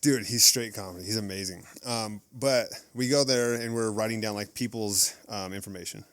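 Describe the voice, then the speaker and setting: A young man, a podcast guest, telling stories in a casual chat, animated and laughing often as he acts out quoted voices. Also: fairly low pitch, moderate pace, no room sound.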